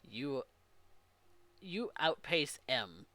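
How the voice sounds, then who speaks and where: A man with a mid-range voice speaks slowly, with no echo, as game master of a tabletop role-playing game. His narration is animated, and he keeps restarting phrases as he goes.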